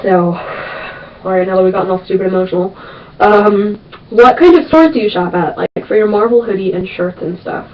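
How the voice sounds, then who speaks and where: A woman's voice: mid-range voice, fairly quick. A young woman answering viewer questions in a casual vlog, chatty and emphatic, repeating words for stress. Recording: distant, dull lo-fi webcam sound.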